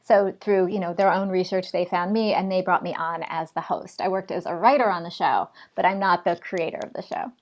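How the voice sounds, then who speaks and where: A woman's voice: lowish voice, steady tone, brisk, few pauses. Articulate woman telling her career story. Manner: articulate, fluent storytelling with occasional fillers. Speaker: guest, television host and writer. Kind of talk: conversational interview answers.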